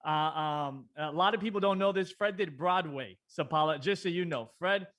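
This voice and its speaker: A man's voice: on the high side, moderate pace, a bit bright. Chatty, teasing man co-hosting. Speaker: guest co-host. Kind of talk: casual podcast interview.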